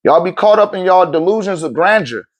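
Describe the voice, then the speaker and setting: A man ranting to his livestream viewers as a spiritual teacher, blunt, profane and animated, laughing often between phrases. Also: fairly quick. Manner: animated, swings between loud outbursts and low muttering. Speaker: spiritual teacher and seller of metaphysical goods.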